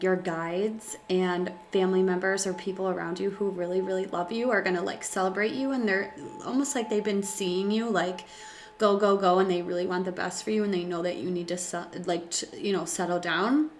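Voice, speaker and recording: A woman's voice: mid-range voice, steady tone, brisk, echoey room, slight background noise. A woman giving a casual, chatty tarot reading at home, full of fillers and emotion. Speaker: tarot reader. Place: room at home by a window.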